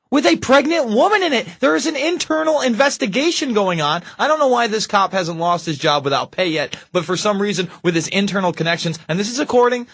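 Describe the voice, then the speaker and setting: A man co-hosting talk radio speaks earnestly and poses pointed questions. His voice sits fairly high. The sound is dry, with no room echo. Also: fairly bright tone. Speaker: radio show co-host.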